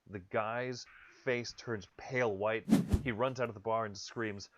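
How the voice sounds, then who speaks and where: A man's voice: lowish voice, normal speed, fairly bright tone, no echo, muffled recording. A man chatting casually while playing a board game online, playfully offering jokes. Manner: playful joke teller. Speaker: board game player on stream. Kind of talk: casual game-stream chat.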